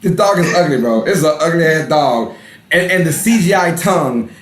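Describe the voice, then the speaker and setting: A man co-hosting a casual movie review podcast, animated and laughing often, repeating himself for emphasis. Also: fairly high pitch, normal speed, echoey room. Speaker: podcast co-host.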